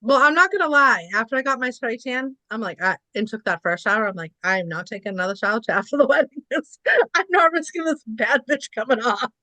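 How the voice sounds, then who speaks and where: Female co-host, sarcastic storyteller, bright voice, dry close mic. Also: on the high side, fast talker, no room sound. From Massachusetts. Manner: storytelling, sarcastic, swears casually. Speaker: podcast co-host. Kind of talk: casual chat.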